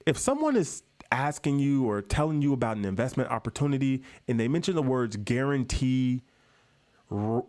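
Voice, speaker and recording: A man talks straight to his viewers in a loose, chatty vlog. His voice sits at an ordinary middle pitch. He leans hard on his points and often says things twice. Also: lively intonation, moderate pace, a little mellow. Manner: emphatic, chatty, keeps addressing viewers as guys; repeats himself for stress. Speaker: vlogger. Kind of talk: casual talk to camera.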